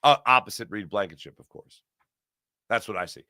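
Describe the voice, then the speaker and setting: A middle-aged male sports talk host with a bright, forceful voice, chatting casually and with energy. He reads viewer messages aloud and reacts to them. The sound is dry and close to the mic. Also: lowish voice, a little fast, no room sound.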